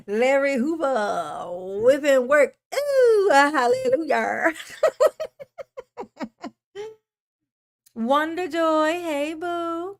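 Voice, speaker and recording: High-voiced woman greeting her livestream viewers. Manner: affectionate, calls viewers pet names, laughs often; calls herself Mama in the third person. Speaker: livestream host. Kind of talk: casual live-stream chat greeting viewers.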